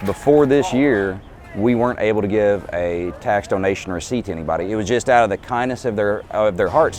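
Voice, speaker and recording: A man's voice: on the low side, a little mellow. A man, an event organizer, giving a casual interview in a rambling way and restarting his sentences.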